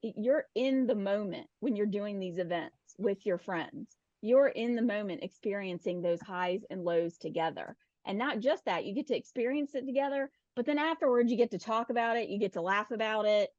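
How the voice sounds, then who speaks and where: A woman's voice: mid-range voice, moderate pace, hardly any pauses, darkish tone, no room sound, dull audio. A woman co-hosting a podcast who chats casually, with lots of fillers and easy laughter. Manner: laughs easily, casual filler-heavy talk. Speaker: podcast co-host. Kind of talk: casual chat.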